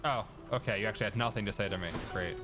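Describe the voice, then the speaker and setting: A man's voice: fairly low pitch, rapid-fire. A man streaming a video game, chatting casually and cracking jokes about what happens on screen. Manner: joking, chatty, self-deprecating. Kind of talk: casual gameplay commentary. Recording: game music playing clearly behind. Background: game music.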